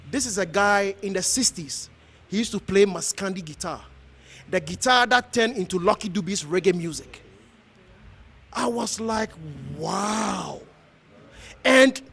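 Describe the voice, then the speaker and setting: A man's voice: high voice, fairly bright tone, husky. A man from Ghana, a pastor, giving an earnest, exhorting speech to a gathering, repeating himself as he goes. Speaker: pastor hosting an honoring event.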